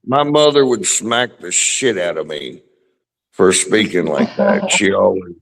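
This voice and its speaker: Deep-voiced Kentucky man, blunt and salty. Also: very animated, measured pace, gravelly, big-room sound. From Louisville, Kentucky. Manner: blunt, swears freely, self-deprecating. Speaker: livestream co-host. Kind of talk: casual chat.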